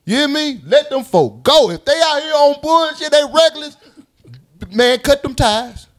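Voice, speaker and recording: With a very high-pitched voice and a slightly slow delivery, a man guesting on a podcast spins a casual story for friends. He's animated and laughing, acting out quotes, voices and sound effects.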